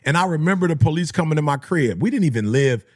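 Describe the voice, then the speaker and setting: A middle-aged man, a motivational speaker who tells stories in slangy talk and acts out other people's voices. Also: fast. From Detroit area. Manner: animated, slangy, acts out voices with big pitch jumps. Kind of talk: storytelling talk.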